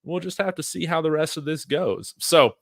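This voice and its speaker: A man's voice: a little high, normal speed, no echo, studio quality. A man hosting a livestream watch-along of a sports commitment, chatting casually to his viewers with many fillers and restarts. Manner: addresses viewers directly. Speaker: sports fan show host.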